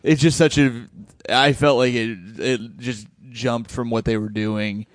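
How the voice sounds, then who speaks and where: A man's voice: mid-range voice, fairly even intonation, unhurried, no echo, clean studio sound. A man co-hosting a podcast in casual chat, hesitant and often restarting his sentences. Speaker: podcast co-host.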